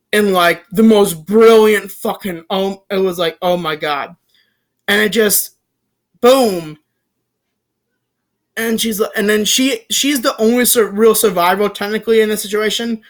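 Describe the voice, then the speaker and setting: Young rambling movie reviewer, swearing freely. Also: mid-range voice. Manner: rambling and excited, swears freely, many restarts and "like, legit" fillers. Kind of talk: casual spoken movie recap.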